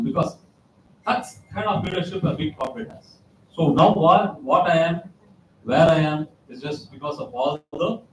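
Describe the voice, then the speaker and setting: A man gives a motivational talk, telling stories and driving points home by repeating them. His voice sits a bit higher than most men's. It is picked up from a distance in a roomy, echoing hall with a faint hum of ambience. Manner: anecdotal, repeats key phrases for emphasis. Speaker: guest speaker.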